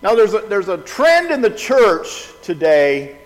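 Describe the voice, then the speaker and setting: A middle-aged man with a fairly high voice preaches a sermon, talking it through in a loose, conversational way and stumbling over restarts. His voice rings out with a long reverb in a large hall. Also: very animated, measured pace. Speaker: pastor.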